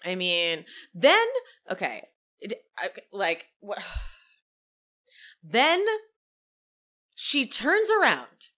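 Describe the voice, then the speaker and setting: A woman's voice: medium pitch, drawn-out words, long pauses. A woman podcast host recapping reality TV in a gossipy, chatty way, laughing often. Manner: gossipy, animated, laughing storyteller. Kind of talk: casual recap chat.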